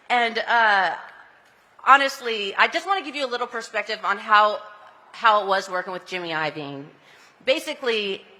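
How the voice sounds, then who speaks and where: A chatty woman from California gives a heartfelt acceptance speech at a podium microphone, breaking into breathy giggles and going soft and emotional in her thanks. Her mid-range voice carries through outdoor speakers, which add a long, echoing reverb tail. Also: mid-range voice. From Anaheim, California. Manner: tender and emotional in the thank-yous. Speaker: honoree giving a speech. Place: outdoor street ceremony.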